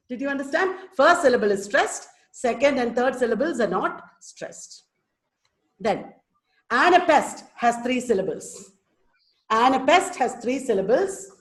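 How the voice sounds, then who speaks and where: A woman's voice: on the high side, very animated, measured pace. A woman teaching an online class on a video call, sounding out stress patterns with emphasis. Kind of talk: webinar lecture. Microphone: computer mic on a video call. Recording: echoey room.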